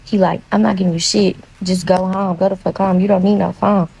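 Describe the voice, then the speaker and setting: Young woman, gravelly voice, blunt and profane, casual storytelling that acts out both sides of an argument. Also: mid-range voice, little pitch movement, a little fast, mellow, poor audio. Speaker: storyteller in a viral video. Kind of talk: casual first-person storytelling.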